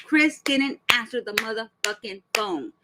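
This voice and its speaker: A woman's voice: a little high, animated, a little slow, noisy background. A woman hosting a reaction channel, giving blunt, profane, heated commentary full of rhetorical questions.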